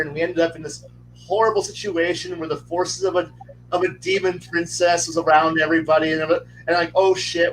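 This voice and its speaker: A man with a high voice tells a game story to friends on a podcast, swearing freely. He talks fast and casually over a faint hum on the line. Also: rough recording. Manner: animated, profane, acts out quotes in pitch jumps. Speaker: podcast panelist.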